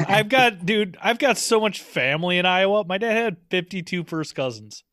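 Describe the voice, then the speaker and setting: A man's voice: high-pitched, animated, normal speed, fairly bright tone, dry recording. Laid-back man on a dry mic. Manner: laid-back, swears a lot, laughs often. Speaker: podcast host. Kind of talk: casual chat.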